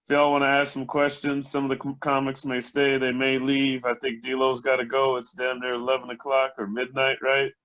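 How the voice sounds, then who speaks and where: A man's voice: medium pitch, completely flat delivery, moderate pace, hardly any pauses, fairly bright tone. Laid-back male comedy host, lo-fi. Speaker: show host. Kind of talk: casual hosting. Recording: dull lo-fi online audio.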